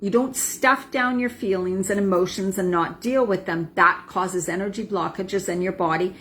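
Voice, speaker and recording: A woman's voice: medium pitch, moderate pace, a bit bright, a little hiss or hum. Woman, middle-aged, wellness coach, earnest instructional talk, plain mid voice. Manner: earnest, talks straight to the viewer with frequent "right?" and "okay?".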